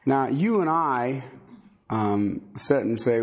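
A man teaching a Bible sermon in a halting, conversational way, with many fillers and folksy asides. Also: medium pitch, animated. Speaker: preacher.

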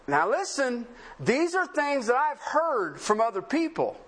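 Lively high-voiced male preacher. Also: moderate pace. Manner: conversational, sarcastic, pulpit preaching with rhetorical questions. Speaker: pastor. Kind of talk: sermon.

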